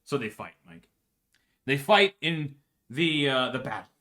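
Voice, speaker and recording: Profane, animated comedic storyteller man. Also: medium pitch, unhurried. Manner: profane, rambling, laughs often, checks in with "right?". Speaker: podcast host.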